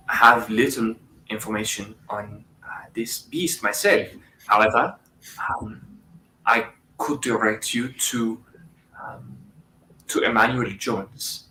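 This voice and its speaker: A man's voice: medium pitch, pushed and bright, a little hiss or hum. A man doing a stately, formal village lord. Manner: formal, slightly hesitant speech. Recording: roomy, distant mic.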